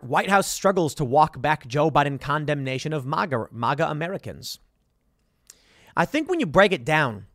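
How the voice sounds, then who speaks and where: Male commentator, emphatic and sarcastic, lively delivery in a dry, close recording. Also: on the high side, no echo. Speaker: political commentator. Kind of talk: reading and reacting to headlines.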